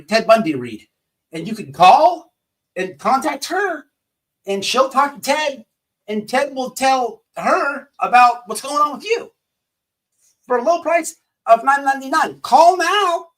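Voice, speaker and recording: A man putting on a pushy psychic-hotline infomercial pitchman who delivers a loud hard sell. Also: expressive, unhurried, recorded from a distance, exaggerated voice.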